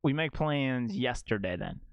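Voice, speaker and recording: A man's voice: mid-range voice, unhurried, lo-fi sound. A young adult man streaming a game, telling a rambling casual story to viewers with lots of "like" in his speech. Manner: rambling, animated, heavy use of "like".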